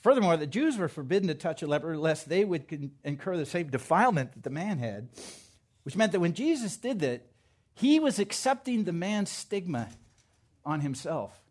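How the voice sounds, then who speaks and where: A man preaching a sermon to his congregation in a high, lively voice. He drops to hushed asides and then builds to loud, emphatic declarations. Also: normal speed. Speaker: pastor.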